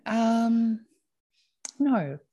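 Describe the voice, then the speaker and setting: A woman hosting an interview, asking gentle questions and encouraging her guest. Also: a little high, lively intonation, extremely slow, dull audio. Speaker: interview host. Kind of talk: casual interview.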